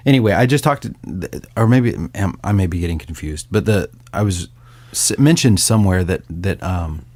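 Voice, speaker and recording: A man, a songwriter and author, talking casually and thoughtfully, with pauses and easy laughter. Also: low-pitched, lively intonation, a little mellow, no echo. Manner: reflective, hesitant, laughs easily. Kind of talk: casual conversation.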